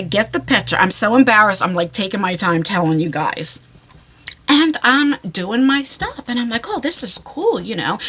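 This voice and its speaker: A woman chatting casually in a storytime vlog, laughing and squealing as she tells an embarrassing tale. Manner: animated, laughing, breaks into high squeals. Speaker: vlogger. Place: parked car.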